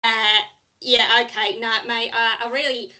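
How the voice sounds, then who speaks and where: A woman's voice: fairly high pitch, flat delivery, measured pace, pushed and bright. A woman voicing a trio of bewildered ghostly bird brothers who stammer and sound tearful. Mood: apologetic.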